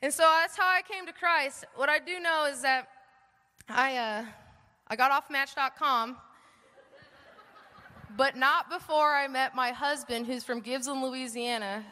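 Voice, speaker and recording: Woman telling her church testimony, acts out every quote, bright voice, big hall echo. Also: sits high, a little slow. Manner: animated storyteller, acts out dialogue. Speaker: church speaker giving testimony. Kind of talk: personal testimony. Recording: long hall reverb.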